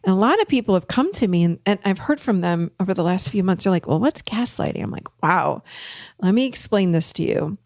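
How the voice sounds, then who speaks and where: A woman's voice: medium pitch, quick pace, hardly any pauses, dry recording, studio quality. A woman therapist talking casually to her audience, telling a client story and acting out the people in it. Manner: storytelling, animated when quoting others. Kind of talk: casual talk.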